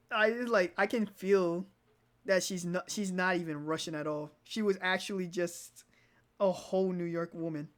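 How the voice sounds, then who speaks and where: A woman streamer reacting excitedly and laughing while reading game dialogue aloud. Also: medium pitch.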